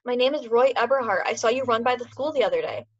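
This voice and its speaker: Brief: woman reading as a secretive teen boy, fake husky tone, clipped orders, dull lo-fi sound. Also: on the high side, quick pace. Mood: curt. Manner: curt, bossy. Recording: dull lo-fi recording.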